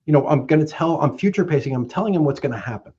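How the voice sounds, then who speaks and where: A middle-aged man, a mortgage professional, giving animated sales advice and acting out both sides of phone calls. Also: a little high, very fast, slightly rough, muffled recording. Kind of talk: animated sales coaching talk.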